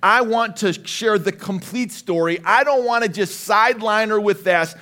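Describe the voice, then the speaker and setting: High-voiced lively preaching man. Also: normal speed. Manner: lively preaching, rising to shouts. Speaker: pastor. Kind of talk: sermon.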